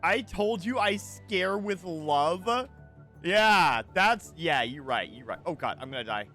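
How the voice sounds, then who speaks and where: Man, streamer, live gameplay commentary, lively swinging pitch, slightly high voice, swears, talks to viewers, faint music behind. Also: slow. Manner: animated, swearing, chatting with viewers.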